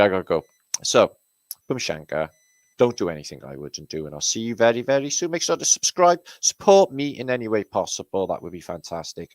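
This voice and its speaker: A man's voice: deep voice, dry recording. A man hosting his own channel, chatting casually with viewers on a live stream, greeting them by name and swearing freely. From Britain. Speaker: channel host.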